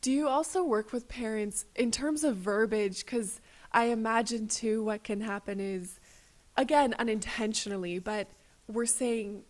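A woman's voice: fairly high pitch, measured pace. Reflective woman interviewer. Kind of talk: conversational interview.

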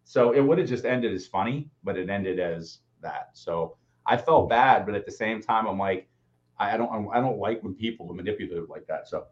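A man co-hosting a casual show, telling a story in an animated way, swearing and acting out quotes. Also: fairly low pitch, moderate pace. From Boston area. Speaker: co-host. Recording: dull lo-fi audio.

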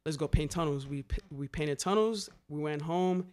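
A young man telling graffiti stories in casual chat, animated and slangy, swearing freely. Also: on the high side, moderate pace. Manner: animated, slangy, swears a lot, repeats "a hundred percent".

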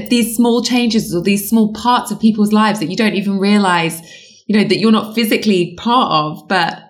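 A woman hosting a casual podcast chat. She talks reflectively and pauses to search for her words. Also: medium pitch. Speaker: podcast host.

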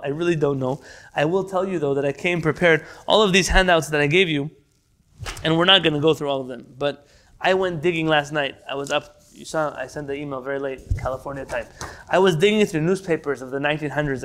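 A man with a fairly high voice teaches a Torah class. He lectures in a lively storytelling way and drops Hebrew terms into his English. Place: United States.

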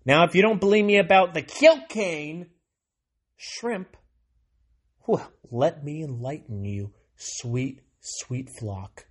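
An American man hosting a sarcastic solo monologue, reading out a news item and breaking off into mocking asides that swing from loud to muttered. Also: fairly high pitch, animated, slow pace, breathy edge. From United States. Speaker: solo commentary host.

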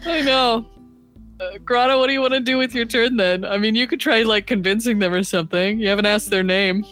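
A woman's voice: on the high side, fairly quick, a bit bright, soft background music. A woman narrating a tabletop role-playing game as game master, joking with her players. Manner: playful, jokey.

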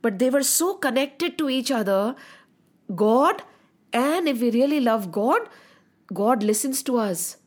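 A high-pitched woman narrating a story to children. She is animated and expressive, stretching words for effect and turning to gentle moral lessons. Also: measured pace.

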